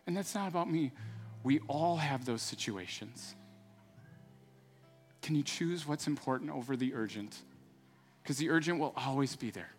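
Middle-aged male pastor, earnest conversational sermon, even mid pitch, quiet guitar underneath. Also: moderate pace, pauses often. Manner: earnest, conversational preaching that builds into fervent prayer. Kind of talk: sermon with closing prayer.

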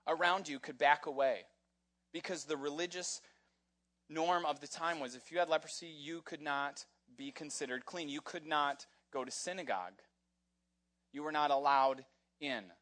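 A man delivers a conversational sermon, retelling stories in an animated, chatty way. His voice sits a little higher than most men's. He keeps the tone casual and often pauses on filler words. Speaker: pastor.

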